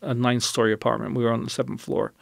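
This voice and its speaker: A man who is a guest on a radio interview, telling a personal story in an animated, rambling way with many restarts. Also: mid-range voice, racing, gravelly, dry recording.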